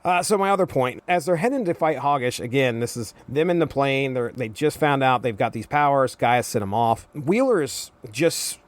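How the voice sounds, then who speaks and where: A man's voice: medium pitch, animated, normal speed, few pauses. A man hosting a comics podcast, giving casual commentary with wry, rambling, amused asides. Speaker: podcast host.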